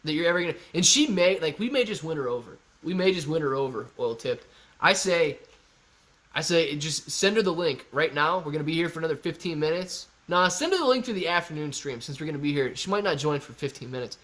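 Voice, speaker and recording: A man's voice: a little high, lively intonation, quick pace, fairly bright tone. A young man from Ohio hosting a casual live stream, reading chat aloud and answering in a loose, upbeat bro-ish way. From Ohio, USA. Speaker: livestream host answering chat.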